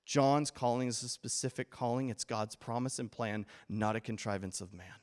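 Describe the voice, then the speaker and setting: A man preaching a sermon as pastor, animated and playful, acting out the voices he quotes with humor. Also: medium pitch, moderate pace, big-room sound.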